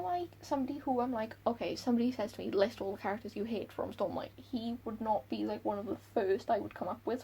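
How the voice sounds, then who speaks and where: A woman book vlogger chatting casually and excitably about characters she loves and hates. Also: a little high, creaky, breathy edge, poor audio. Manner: gushing, excitable, quick laughs. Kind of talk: casual chat.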